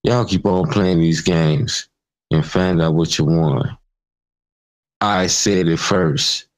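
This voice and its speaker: Deep voiced guy ranting on his vlog, angry and cussing, takes his time. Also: steady tone, slow pace, poor audio. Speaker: channel host.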